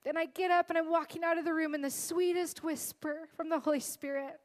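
A woman's voice: very high voice, steady tone, fairly quick. A woman in her thirties giving an earnest, emotional testimony as a guest speaker in a sermon. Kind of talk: sermon storytelling.

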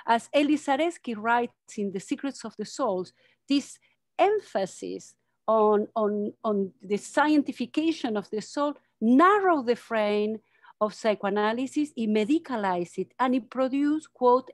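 A woman's voice: on the high side, lively intonation, unhurried, dry recording, clean studio sound. Woman lecturing over a video call. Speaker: psychoanalyst giving a guest lecture. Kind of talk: academic lecture read from a script.

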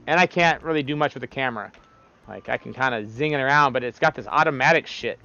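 A man's voice: medium pitch, fast, gravelly, bright, forceful tone, highs cut off. A man giving casual, profane gameplay commentary as a streamer, exasperated and talking to the game. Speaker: let's play streamer.

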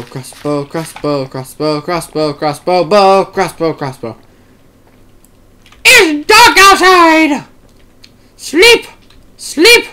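A young man talks his way through a game with loud, hyper outbursts and plenty of swearing. His pitch leaps around wildly from mumbles to yelps. It's casual gaming commentary with a rambling, scattered flow. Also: clear, resonant tone. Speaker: gamer.

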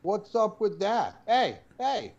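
A man's voice: high-pitched, very animated, slow, creaky, darkish tone, highs cut off, voice pushed up, heavily acted. A man putting on a brash New York accent. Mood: teasing. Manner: pushy, mocking, swaggering. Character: brash loud New York guy, middle-aged man.

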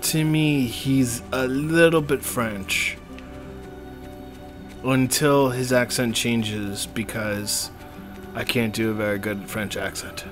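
While playing a video game, a man gives relaxed, jokey commentary and chats with the on-screen characters. His mid-range voice keeps a steady tone and a slow pace. Faint music can be heard behind him.

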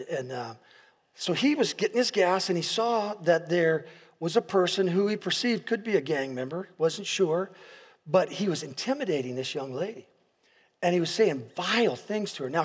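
A pastor preaching a sermon in a large church hall, telling stories with restarts and repeated words and building to impassioned peaks. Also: male voice, fairly high pitch, breathy edge. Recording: long hall reverb.

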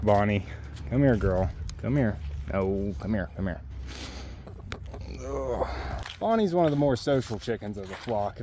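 A man vlogging from his homestead, explaining his work in a relaxed way and gently coaxing his birds. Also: mid-range voice. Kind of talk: casual explanatory vlog talk. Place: outdoors on a homestead.

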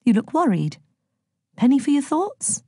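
A woman reading the part of a gentle, loving mother in an audiobook, soft and tender, sometimes slipping into anxious confusion. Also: sits high, very animated, unhurried, no echo, studio quality, voice pushed up, full character voice. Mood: sleepy, fond.

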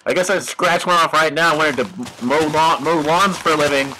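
A man's voice: a little high, normal speed, hardly any pauses, pushed and bright, poor audio. A young man giving goofy, mock-dramatic commentary over his own gameplay, talking to the animals on screen.

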